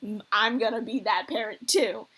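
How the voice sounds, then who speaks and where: A woman's voice: fairly high pitch, moderate pace, a bit bright, breathy edge. A woman voicing a goofy, teasing middle-aged single father from a visual novel. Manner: joking, corny dad teasing.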